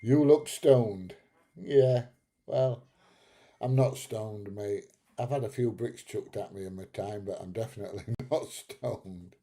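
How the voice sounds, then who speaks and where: Slow and dark in tone, with a fairly low pitch, a middle-aged man reads his live stream chat aloud. His talk is casual and blunt, peppered with swearing and laughter at his own jokes.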